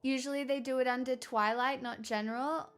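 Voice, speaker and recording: A fairly high-pitched woman talks casually on a live stream. She answers viewer messages in a chatty, matter-of-fact way and pokes fun at herself, with faint music playing behind her. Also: steady tone, a little fast, clean tone. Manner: chatty and matter-of-fact, with frequent laughs and self-mockery.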